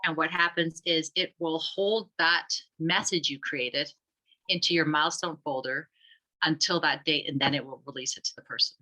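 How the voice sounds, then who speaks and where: A woman's voice: low voice, normal speed, pushed and bright, rough recording. A woman explaining an app she founded, talking loosely with fillers and restarts. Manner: rambling, many restarts and fillers. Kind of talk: conversational explanation.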